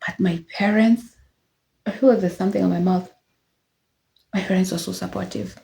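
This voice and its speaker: On the low side and gravelly, this young woman's voice keeps a steady tone at a normal speed. As a vlogger offering personal testimony, she tells her life story in a reflective, candid, casual way, with fillers and quiet laughs.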